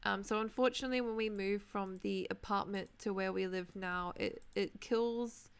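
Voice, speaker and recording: Young woman livestreaming a game, gravelly voice, smooth too, chatty with lots of ums, throat a bit tired. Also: medium pitch, steady tone, moderate pace. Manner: chatty, reads out chat names, many ums. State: clearing her throat, voice tired from talking. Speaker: Minecraft livestreamer. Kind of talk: casual chat while gaming.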